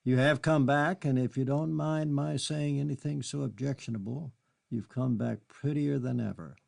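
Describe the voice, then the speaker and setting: A man reading an audiobook, voicing a charming English gentleman with a deep, coaxing manner. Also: fairly even intonation, normal speed, vocal fry. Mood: dismissive. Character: smooth-talking English gentleman, charming seducer.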